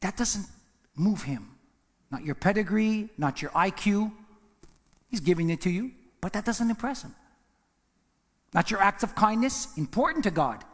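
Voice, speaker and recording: A man preaching a sermon as pastor, emphatic, repeating words and swinging between loud and hushed lines. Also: high-pitched, expressive, normal speed, long pauses, long reverb tail. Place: church.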